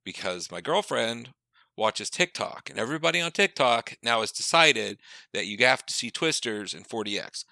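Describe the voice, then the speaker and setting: Podcast co-host, male, cutting bright tone, dry close mic, swears freely, voices every character in his story. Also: medium pitch, moderate pace, gravelly, dry recording. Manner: animated, profane storyteller who acts out quoted dialogue. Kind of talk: casual chat, long anecdote.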